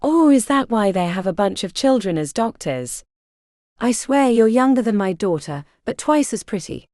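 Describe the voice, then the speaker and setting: A woman's voice: medium pitch, big pitch swings, moderate pace, a little mellow, no echo, studio quality, lightly acted. A woman voicing a burly, boastful male electrician with a thick Boston accent, grumbling at his doctor.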